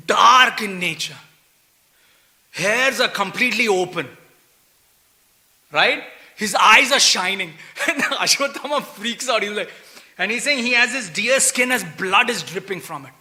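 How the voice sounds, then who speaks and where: A man teaching a scripture class in a temple hall, with a high, piercingly bright, tense voice. He tells the old story as an easygoing chat, full of "you know" and little chuckles, as if he were talking with friends. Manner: chatty, animated retelling, chuckles often, many "you know" fillers.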